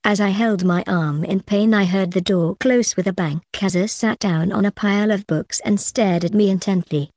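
A woman's voice: mid-range voice, normal speed, hardly any pauses, darkish tone, no room sound, clean studio sound. A woman narrating a novel in first person for an audiobook, reading steadily.

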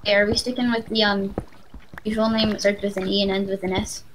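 A woman chatting while she plays a game, her pitch sitting right in the middle of the range. She rambles and jokes easily with her co-player. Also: flat delivery, quick pace, slight background noise, low-quality recording. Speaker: let's play co-host. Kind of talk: casual gaming chat.

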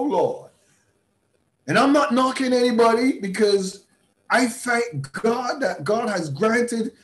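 A man who is a bishop, mentoring a class in a preaching style. He is emphatic, repeats words and breaks into sudden shouts. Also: high voice, echoey room. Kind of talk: motivational teaching talk in a preaching style.

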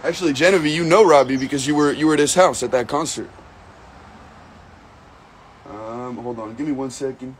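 A man's voice: mid-range voice, normal speed, long pauses, slight background noise. A young man from the United States chatting casually on a livestream, rambling, joking and swearing while he reads comments. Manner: rambling, profane, filler-heavy, joking. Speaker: livestream host.

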